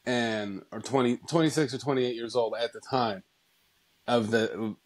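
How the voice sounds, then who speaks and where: A man's voice: mid-range voice, fairly even intonation, unhurried, rough recording. A man in his thirties co-hosting a podcast, rambling loosely with lots of fillers and laughing often. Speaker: podcast co-host. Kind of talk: casual chat.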